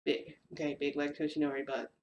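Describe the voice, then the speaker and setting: A woman's voice: low-pitched, completely flat delivery, fairly quick, a little mellow, slight background noise. A woman casually telling her viewers a rambling story, full of fillers and mild slang. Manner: chatty, rambling, lots of "like" and "freaking". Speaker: vlogger recounting a shifting experience. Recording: roomy echo with faint ambience.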